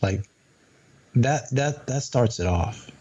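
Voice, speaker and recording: A male podcast host talking in a relaxed, reflective way with loose phrasing, in casual chat. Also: mid-range voice, takes it slowly, husky. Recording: muffled lo-fi audio with faint hiss.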